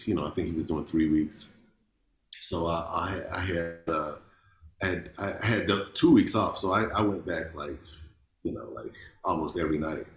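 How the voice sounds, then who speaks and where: A man, a jazz bassist, talking loosely in an interview, often repeating words as he tells stories. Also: moderate pace. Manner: loose, repeats words, animated storytelling with quoted voices. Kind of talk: casual interview chat. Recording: roomy echo.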